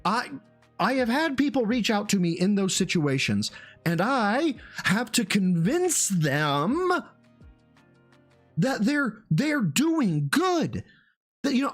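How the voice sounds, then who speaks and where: A man's voice: high voice, takes it slowly, faint music behind. A man hosting a live reaction stream who rants, swears and reads out viewer messages. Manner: ranting, profane, animated. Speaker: stream host.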